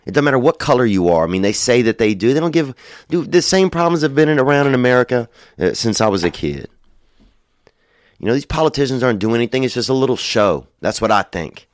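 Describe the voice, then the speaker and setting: A man's voice: mid-range voice, very animated, fast, no echo, studio quality. A young man telling rambling, profane comic stories, loose and digressive, full of "dude" and "you know". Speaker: comedian. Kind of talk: rambling stand-up style monologue.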